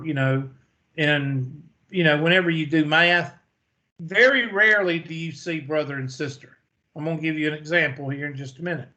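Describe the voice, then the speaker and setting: A man with a somewhat higher-than-average, fairly bright voice gives a math lecture. He tells it like a folksy story, raising questions and answering them himself.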